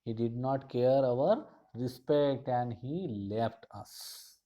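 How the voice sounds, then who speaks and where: A male teacher works through a poem line by line, circling back to restate each phrase. He talks slowly and deliberately, in a dark, mellow voice. His pitch sits in an ordinary middle range. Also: poor audio. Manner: slow, repetitive explanation with frequent restatements. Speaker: college English teacher.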